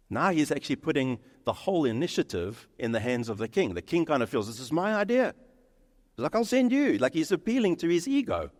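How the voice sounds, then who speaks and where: A male pastor preaching a sermon, animated, acting out the lines of the people in his story. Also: on the high side. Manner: animated, acts out dialogue in quoted voices. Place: church sanctuary. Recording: reverberant church hall.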